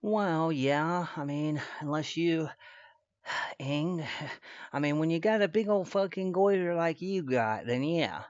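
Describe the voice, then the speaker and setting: This streamer talks slowly in a fairly high voice, rambling and cursing as he trash-talks through a casual live-stream reaction. The computer mic at his desk gives dull audio with no echo.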